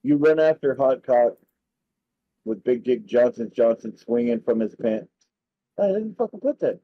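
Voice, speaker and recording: A man's voice: mid-range voice, lively intonation, a little slow, dry recording. A man co-hosting a casual gaming session, reading a text adventure aloud with crude jokes and laughter. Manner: laughs mid-sentence, crude and joking. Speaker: co-host playing a text adventure. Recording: dull lo-fi dry mic.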